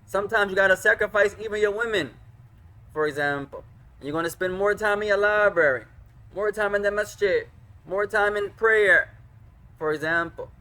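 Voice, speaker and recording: A man teaching an online class, patient and slow, pausing often and correcting students. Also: sits high, pushed and bright. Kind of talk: online Arabic and hadith class. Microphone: computer microphone.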